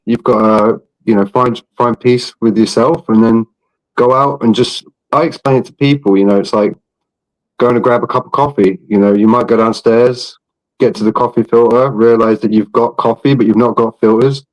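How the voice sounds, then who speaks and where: A man with a British accent chats in a relaxed way, in a voice of middle pitch. He makes his point through plain everyday examples, with a few fillers along the way. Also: moderate pace, low-quality recording. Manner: explains with homely everyday examples. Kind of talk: casual chat.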